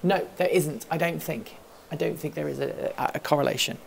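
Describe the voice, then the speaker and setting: A woman's voice: deep voice, a little fast, vocal fry, a little hiss or hum. A woman hosting a casual livestream from an office, rambling, thinking aloud and answering chat questions as she goes. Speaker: host of a livestream hangout. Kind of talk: casual live-stream chat.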